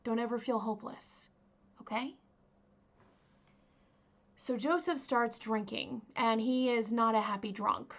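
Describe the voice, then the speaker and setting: A woman's voice: fairly high pitch, pushed and bright, lo-fi sound. A young woman casually telling a true crime story as host, chatty, with many fillers and asides to her viewers.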